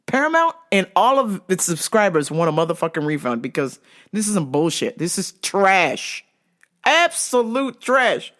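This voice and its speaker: A woman hosting a podcast, ranting casually and profanely, stretching out words for emphasis and laughing between complaints. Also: on the low side. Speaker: podcast host.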